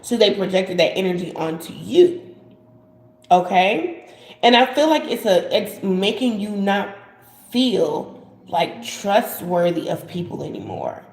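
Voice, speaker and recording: A woman's voice: mid-range voice, sing-song, a little slow, vocal fry, echoey room, poor audio. A woman giving a casual live-stream tarot reading, rambling and repeating herself, often saying "like". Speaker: tarot card reader.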